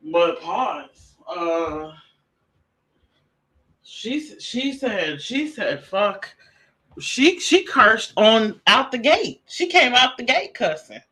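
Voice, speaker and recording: A man streaming casual commentary, relaxed and slangy, laughing often as he reacts to a clip. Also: high voice, takes it slowly. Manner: laid-back, laughing, slangy banter. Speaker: streamer reviewing a live stream.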